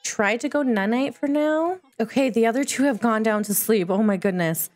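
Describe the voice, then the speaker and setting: Woman, gaming creator, slightly high voice, chatty play-by-play that coos at the on-screen babies. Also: moderate pace, a little mellow. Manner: chatty, coos and talks to her game characters. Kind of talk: casual let's-play commentary.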